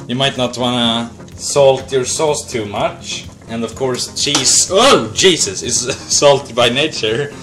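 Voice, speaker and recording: A man's voice: mid-range voice, fairly bright tone. A young man hosting a casual improvised cooking demo, rambling goofily between steps. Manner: goofy, rambling, slips into silly voices and chants. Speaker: cooking show host.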